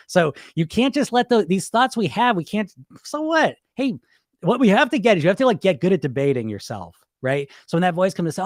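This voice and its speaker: Animated man coaching weight loss. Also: a little high, quick pace, no room sound, clean studio sound. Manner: animated, acts out his inner voices in dialogue; conversational, frequent "right?" and "you know?". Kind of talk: casual live-stream advice talk.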